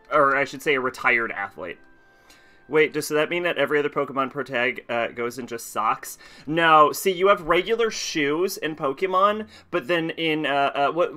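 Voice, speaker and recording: A man's voice: mid-range voice, bright, forceful tone. A man casually commenting on a video game stream, chatting with viewers and laughing often.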